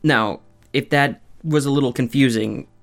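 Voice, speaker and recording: A man's voice: mid-range voice, vocal fry, fairly bright tone. Man explaining methodically over faint music. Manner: methodical, explanatory, slows to stress key terms. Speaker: podcast host. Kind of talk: scripted podcast teaching.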